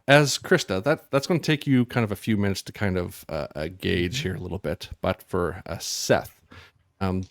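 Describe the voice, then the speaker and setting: A man with a fairly low voice runs a tabletop game and narrates the scene in a loose, rambling way. He fills his sentences with ums and restarts. The sound is dry and close. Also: creaky, dry recording. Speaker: game master.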